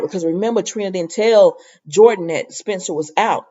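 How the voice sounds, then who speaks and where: Animated woman chatting through a soap recap. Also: mid-range voice, normal speed, slightly rough, dull audio. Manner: chatty, animated, laughing, retelling scenes in quoted dialogue. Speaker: soap opera recap host. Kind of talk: casual episode recap.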